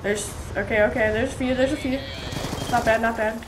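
A woman giving live gameplay commentary, excitable and swearing often, with sudden yelps when in danger. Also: a little high, brisk, noisy background. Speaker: gaming channel host. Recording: loud game gunfire over voice. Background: game gunfire and explosions.

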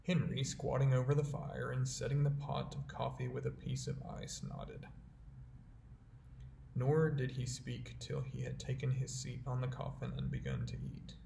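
A man narrating a novel chapter aloud in a measured, steady reading voice. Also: mid-range voice, creaky. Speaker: audiobook reader. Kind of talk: storybook narration. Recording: roomy echo, faint background hiss.

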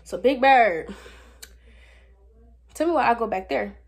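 A woman's voice: on the high side, a little slow, creaky, husky. Sassy teenage girl telling a story. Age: teens. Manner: animated, sassy, talks straight to viewers. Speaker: vlogger. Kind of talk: casual storytime vlog.

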